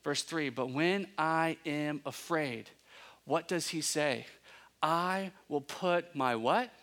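A man preaching a sermon, asking his listeners questions and building to emphatic peaks, with relaxed conversational asides. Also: a little high, slow. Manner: conversational asides, self-correcting. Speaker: pastor.

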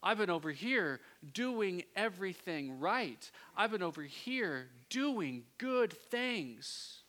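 A man preaching a sermon, moving between hushed, intimate passages and loud, impassioned pleading. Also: high-pitched, sing-song, slow pace.

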